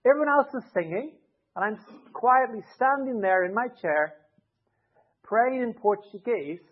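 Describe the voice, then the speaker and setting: Preaching to his church a little slowly, with lively intonation and a rather high voice, this man explains his points through everyday hypotheticals in a conversational sermon. The recording sounds tinny and narrow, like it's coming down a phone line.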